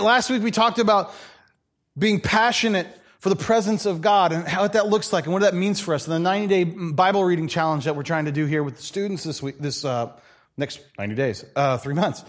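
A middle-aged pastor with a high-pitched voice preaches a little fast, telling funny stories. He's animated and joking, acting out the voices of the people in them.

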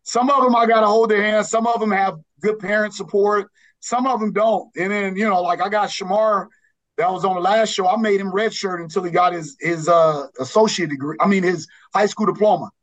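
Brief: man from Los Angeles, basketball coach, higher-pitched voice, earnest and rambling as a podcast guest. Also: fairly even intonation, fairly quick, a bit bright, low-quality recording. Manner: earnest, rambling, with many restarts.

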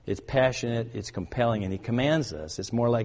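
A man's voice: mid-range voice, expressive, a little fast, hardly any pauses, dull audio. Older male preacher in a reverberant hall. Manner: emphatic, building to loud urgent commands; asks the congregation questions. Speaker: pastor. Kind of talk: sermon.

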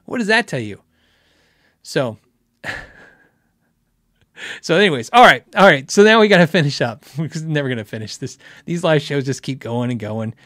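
A man's voice: fairly high pitch, lively intonation, normal speed, pushed and bright, no room sound, studio quality. A man hosting a live guitar show, chatting casually with viewers, rambling and laughing as he acts out quotes. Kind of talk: casual live-stream chat answering viewer questions.

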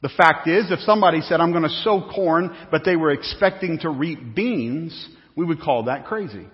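A man's voice: fairly high pitch, lively intonation, moderate pace. A man preaching a sermon to a congregation in a conversational, storytelling way, recorded in an echoey church with dull sound. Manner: conversational, repetitive, anecdotal. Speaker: pastor. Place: church sanctuary.

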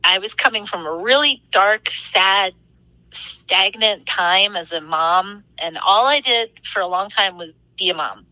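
A young woman, a podcast guest and author, chatting excitedly about her experiences and laughing often as she tells stories. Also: mid-range voice, measured pace, no echo, poor audio. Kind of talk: casual storytelling.

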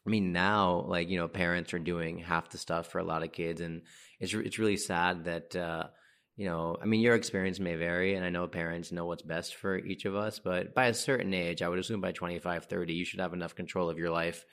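Low-voiced man giving blunt dating advice. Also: level tone, brisk, fairly bright tone. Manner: chatty, blunt, calls listeners dude and bro. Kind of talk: casual advice monologue.

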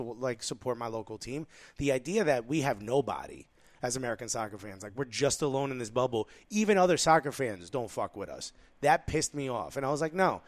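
Man, from New Jersey, podcast co-host, rapid, blunt, heated, swears, dry close sound. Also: mid-range voice, dry recording. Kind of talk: casual podcast chat.

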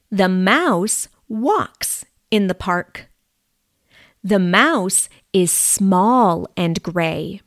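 A woman reading a simple story aloud for language learners, clear and deliberate. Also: mid-range voice, dry recording, studio quality.

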